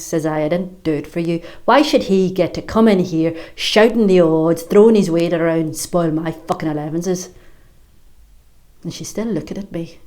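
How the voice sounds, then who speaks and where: Stage monologue: an actress as a hard-edged middle-aged Irish mother, bitter and foul-mouthed, with a lowish voice and a mocking bite. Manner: sharp-tongued, swearing, mocking storytelling.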